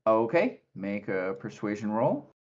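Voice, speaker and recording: A man running a tabletop game, narrating in a relaxed, rambling way with many fillers. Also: fairly low pitch, measured pace, muffled recording. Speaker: game master.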